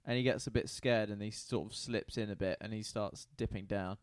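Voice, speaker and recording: A man, casually retelling a Bible story in a deadpan, joking way. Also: fairly low pitch, fairly quick, clean tone, no echo, clean studio sound. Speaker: podcast co-host retelling Bible stories. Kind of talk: casual comedic chat.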